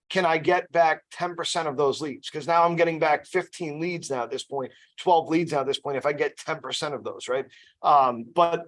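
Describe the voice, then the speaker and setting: This man runs a casual sales training session for his team, chatty and loose, often checking in with "you know" and "right?". His voice is a little high with a fairly bright tone.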